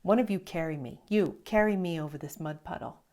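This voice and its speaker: A woman's voice: on the low side, a little fast, a little mellow, natural voice. A woman voicing a snobby, entitled rich woman who bosses two monks around in a retold story. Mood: imperious. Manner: demanding, curt.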